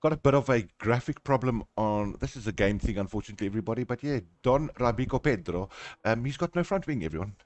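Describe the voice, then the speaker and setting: A man's voice: medium pitch, lively intonation, quick pace, no echo. A man from South Africa with a South African accent, giving chatty live commentary on a sim race, talking through each turn and laughing often.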